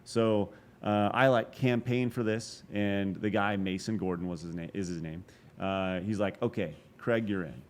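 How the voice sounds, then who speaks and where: A man in his forties telling a long story as a podcast guest, animated and profane, with quick asides and restarts. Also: lowish voice. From Texas. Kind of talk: casual storytelling interview.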